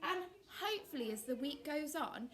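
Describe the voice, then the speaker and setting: A high-pitched female early years teacher reads a fairy tale aloud at a normal speed. She teaches young children in an animated, expressive and encouraging way.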